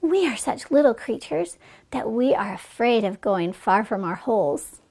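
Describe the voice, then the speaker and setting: A woman voicing small, timid, trusting crabs in a children's fable, speaking in a soft, pitying way. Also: a little high, sing-song, measured pace, gravelly, exaggerated voice.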